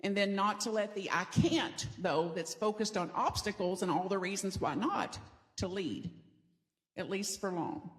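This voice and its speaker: This sermon comes from a middle-aged woman pastor from the American South, speaking playfully and conversationally in a church sanctuary while getting the congregation to repeat lines with her. Her pitch is medium and she talks at a normal speed.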